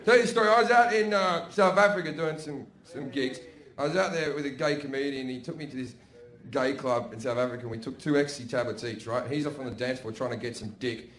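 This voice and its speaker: A man's voice: medium pitch, fast, fairly bright tone. A middle-aged man with an Australian accent doing a crude, swearing stand-up set. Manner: crude, swearing storyteller with a brash delivery. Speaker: stand-up comedian. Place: comedy stage before a live audience. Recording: echoey live venue with audience noise.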